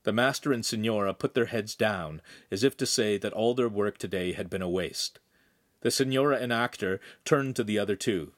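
A man narrating a young adult novel with animated storytelling. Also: lowish voice, moderate pace. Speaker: audiobook narrator. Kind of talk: scripted narration.

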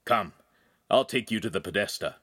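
A man playing a brisk guard captain. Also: fairly low pitch, expressive, fairly bright tone.

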